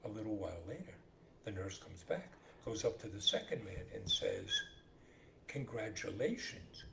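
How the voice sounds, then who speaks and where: Gravelly, animated man telling jokes. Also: on the low side, moderate pace. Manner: animated storyteller who acts out joke characters. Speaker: podcast co-host. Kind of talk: casual joke-telling banter. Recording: roomy echo with faint hiss.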